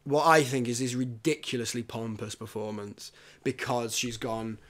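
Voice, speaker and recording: A man hosting a podcast in casual chat, animated, often restarting and mimicking actors. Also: mid-range voice, normal speed. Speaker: podcast host.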